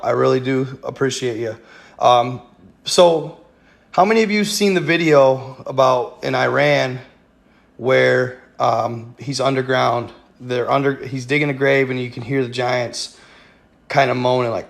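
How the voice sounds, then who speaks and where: A man's voice: mid-range voice, creaky. A man hosting a casual livestream, rambling with many fillers and talking straight to his viewers. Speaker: livestream host.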